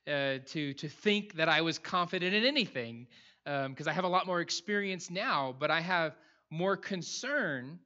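A man's voice: a little high, bright, forceful tone, highs cut off. A man preaching a sermon in a conversational way, often restarting his phrases. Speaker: pastor.

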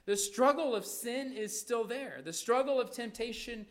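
A man's voice: very high voice, normal speed. A man preaching a sermon, emphatic, often checking in with "right?" and repeating his points. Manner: repeats phrases and restarts words.

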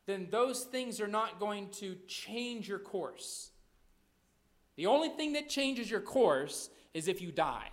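Guy preaching a sermon, fairly high voice, keeps saying right? and repeating himself for emphasis. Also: fairly bright tone. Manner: emphatic, asks the congregation "right?" often; repeats phrases and restarts words.

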